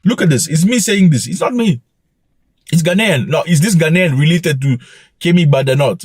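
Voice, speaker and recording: Husky guy vlogging his opinions, lively up-and-down voice, bit high, faint music behind. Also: brisk, no room sound. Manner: animated, lecturing, with mocking asides. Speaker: channel host. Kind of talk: opinionated commentary vlog.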